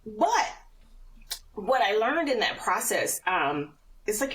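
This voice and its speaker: A middle-aged woman telling a personal faith story as a podcast guest, animated and often laughing. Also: medium pitch, slow pace, long pauses, recorded from a distance, low-quality recording. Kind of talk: personal testimony in casual conversation.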